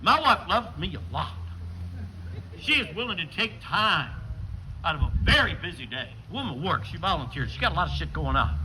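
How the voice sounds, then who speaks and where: An older man from western New York doing a stand-up comedy set outdoors, telling stories in a deadpan way and acting out the dialogue. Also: a little high, background noise. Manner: deadpan storytelling with acted dialogue bits. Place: outdoor show with a live audience.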